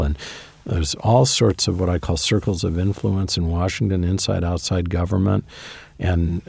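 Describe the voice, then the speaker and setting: A man telling stories in an interview, conversational with emphatic asides. His voice is very low and gravelly, dark and slightly husky. The sound is dry and close. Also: no echo. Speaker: guest author. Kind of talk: interview storytelling.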